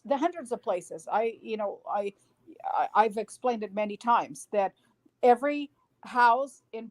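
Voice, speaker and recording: A woman guest on a podcast, retelling events in an animated way with frequent restarts and fillers. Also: a little high. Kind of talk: casual podcast discussion.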